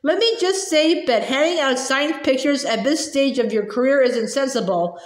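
Woman voices vain male wizard teacher; jovial, pompous, patronizing, high storybook read. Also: normal speed, lightly acted. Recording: roomy echo.

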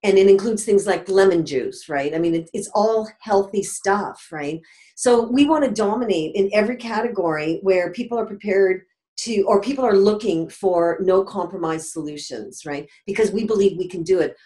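A woman's voice: medium pitch, normal speed, mellow, slightly rough. A middle-aged Canadian woman, a company founder, talking emphatically in a podcast interview and often checking in with "right?". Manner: emphatic, tags statements with "right?".

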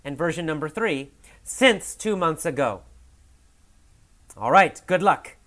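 A man teaching English, telling a mini story slowly and with emphasis, then patiently explaining it to learners. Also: fairly high pitch, animated, fairly bright tone. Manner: slow, emphatic storytelling with repeated phrases.

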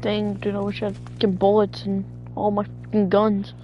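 A woman's voice: medium pitch, completely flat delivery, moderate pace, mellow. A woman gamer in casual chat while playing co-op zombies, bossing her teammate around with profane trash talk. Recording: dull lo-fi audio with faint music.

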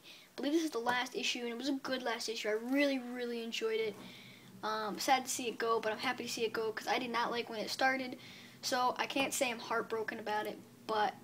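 A woman's voice: fairly high pitch, a bit bright, a little hiss or hum. A woman casually reviewing her comic book purchases on video, chatty and upbeat, rambling with many fillers.

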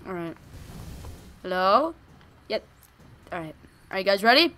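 A young woman giving excited gameplay commentary, gushing and shouting during fights. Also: medium pitch, a little slow. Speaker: gaming video host.

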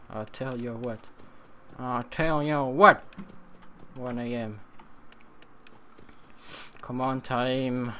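Young male gamer, bright tone, slow deliberate talk, swears and yells at scares. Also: mid-range voice, slight background noise. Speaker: let's play gamer. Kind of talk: horror game commentary.

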